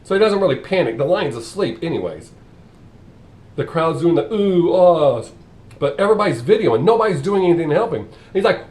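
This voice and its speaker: A man telling crude street jokes in a casual, animated way, laughing at his own punchlines. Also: mid-range voice, moderate pace, vocal fry. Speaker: comedian.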